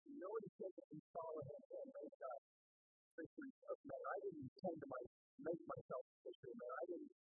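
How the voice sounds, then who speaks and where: Husky older man preaching. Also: high voice, no room sound, narrow, tinny audio. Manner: earnest storytelling, rising to emphatic preaching. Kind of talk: testimony sermon.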